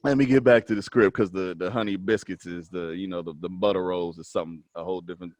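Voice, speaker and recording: A man from Virginia telling a story in casual podcast chat, slangy and animated, acting out what others said. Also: low voice, fast talker, dry recording. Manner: animated, slangy, acts out quotes. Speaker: podcast co-host. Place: podcast studio.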